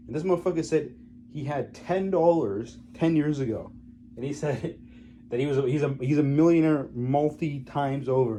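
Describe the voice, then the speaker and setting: A man's voice: mid-range voice, warm tone, slight background noise. A man telling a story in casual, rambling speech, heavy on profanity, often laughing and trailing off into mumbles. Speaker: vlogger.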